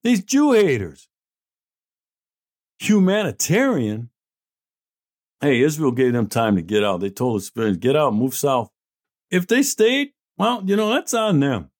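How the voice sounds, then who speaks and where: With a mid-range voice full of huge pitch swings, a middle-aged opinion-show host speaks at normal speed. He recites the news and answers it with sarcasm, bluntness and indignation.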